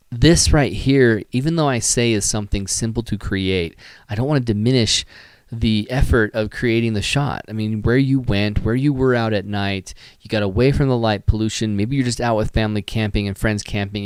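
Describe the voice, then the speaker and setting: Male stream host, smooth clear voice, dry close sound, tired and rambling, enthusiastic. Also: lowish voice, a little mellow, no room sound. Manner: enthusiastic, rambling, with many fillers and sighs. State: tired, yawning. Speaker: photography live stream host. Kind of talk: casual live stream critique.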